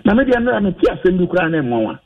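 A Ghanaian man with a husky voice, giving heated radio commentary, animated and firing off rhetorical questions. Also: sits high, fast talker. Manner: animated, rhetorical questions, mixing English and Twi. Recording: dull lo-fi radio audio.

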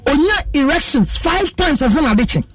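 A man's voice: very high-pitched, lively intonation, brisk, no room sound, recorded from a distance. A Ghanaian man speaking as a counselor guest on a radio show, lecturing emphatically in casual chat. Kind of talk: casual radio chat, mixing Twi and English.

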